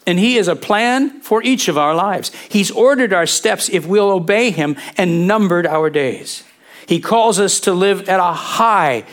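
Middle-aged male pastor, slightly high voice, conversational sermon delivery with rhetorical questions.

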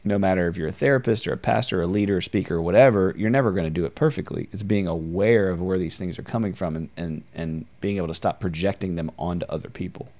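A man's voice: deep voice, fast, few pauses, darkish tone. A middle-aged man hosting a casual faith conversation, talking earnestly and reflectively. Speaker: podcast host.

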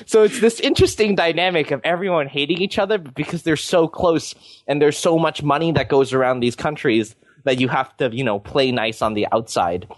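A man's voice: fairly high pitch, brisk, no echo. Young canadian guy rambling on a podcast, tons of likes and you knows, dry sound. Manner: rambling, filler-heavy, lots of "like" and "you know". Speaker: podcast host. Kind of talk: casual chat.

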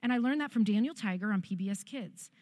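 A middle-aged woman preaching to her church in an earnest, direct way. She speaks plainly and practically and now and then acts out everyday quotes. Her voice sits at an ordinary middle pitch for a woman. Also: expressive, fast talker, a little mellow. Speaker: pastor. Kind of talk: sermon.

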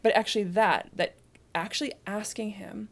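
A woman reflects on and affirms her co-host's points in a casual faith conversation. Her voice has a gravelly texture. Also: medium pitch, steady tone, normal speed.

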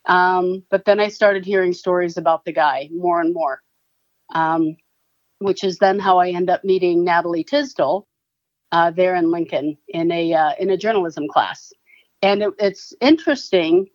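Woman interview guest, halting and earnest, muffled close-up sound. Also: on the low side, no room sound. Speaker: guest, advocacy founder. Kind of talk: personal testimony in interview.

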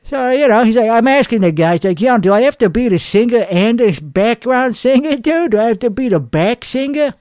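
A man playing a crude, boastful male singer, talking in a hoarse voice with a rambling, profane, cocky manner in a comedic character monologue. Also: very high voice, lively intonation, fairly quick, hardly any pauses, darkish tone, no room sound, clean studio sound. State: hoarse from singing.

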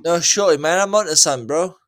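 Brief: drunk young streamer, brash and sweary, slightly high voice, noisy room. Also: male voice, fast talker. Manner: brash, swearing, slangy, repetitive. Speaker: livestreamer. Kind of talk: drunken live-stream rant to chat. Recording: noisy background.

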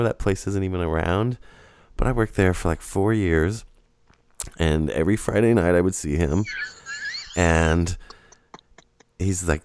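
Low-voiced, profane man telling a rambling story. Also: no echo, clean studio sound. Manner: profane, rambling and animated, with frequent laughter. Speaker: podcast co-host. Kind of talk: casual storytelling chat.

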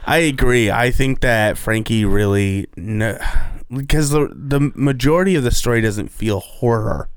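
A man's voice: medium pitch, a little slow, clean tone, no echo. A man co-hosting a podcast in a chatty, casual way, often acting out what people said. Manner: chatty, acts out quotes. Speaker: podcast co-host. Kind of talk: casual chat.

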